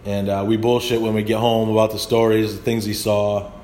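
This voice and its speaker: A man's voice: fairly low pitch, little pitch movement, brisk, dark tone, slight background noise. A middle-aged man hosting a podcast, delivering a blunt, profanity-laced casual monologue that builds into rants. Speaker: podcast host.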